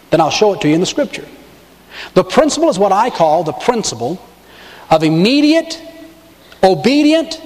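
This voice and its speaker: High, lively preaching pastor in a hall. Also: male voice. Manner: emphatic preaching, rising on key words. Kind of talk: sermon. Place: church sanctuary with balcony and choir.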